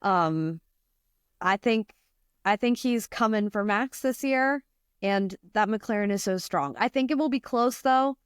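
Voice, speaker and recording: A woman's voice: medium pitch, measured pace, smooth, no echo. Upbeat American woman hosting, dry close sound. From United States. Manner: laughs often, teasing and upbeat. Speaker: podcast host. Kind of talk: casual podcast chat.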